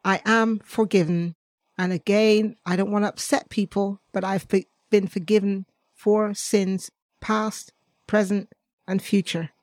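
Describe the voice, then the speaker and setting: A woman co-hosting a casual faith podcast, talking in a lively, animated way with frequent laughs. Her voice sits at an ordinary middle pitch. The recording is close and dry. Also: measured pace, no room sound. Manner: lively, laughs often, jumps into animated asides. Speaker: podcast co-host.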